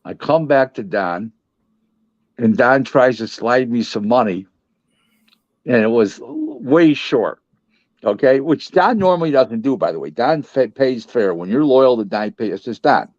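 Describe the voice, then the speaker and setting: A man who works as a boxing advisor, telling a casual anecdote in an animated way and stumbling through restarts. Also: mid-range voice, measured pace, no echo. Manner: animated storyteller, restarts and acts out other people's voices. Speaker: boxing advisor and interview guest. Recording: dull lo-fi, dry audio.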